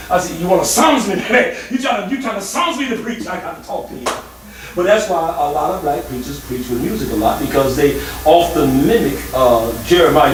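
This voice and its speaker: A man preaching a guest sermon, animated and playful, breaking into song, shouts and laughter. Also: a little high. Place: church sanctuary. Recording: echoey church hall, mic at a distance, congregation. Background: congregation responding.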